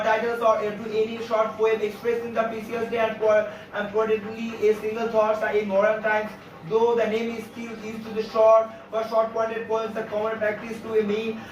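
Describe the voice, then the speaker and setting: A man teaching a class on figures of speech, speaking haltingly with many fillers and repeated phrases. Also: sits high, a little hiss or hum. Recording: echoey room, distant lo-fi mic.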